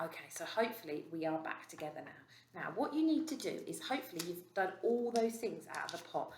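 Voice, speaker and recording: A woman's voice: on the low side, sing-song, a little hiss or hum. Encouraging teacher woman in an echoey room. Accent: British English. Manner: bright, encouraging, slow and clear for small children. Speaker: reception class teacher. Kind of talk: recorded remote maths lesson for young children.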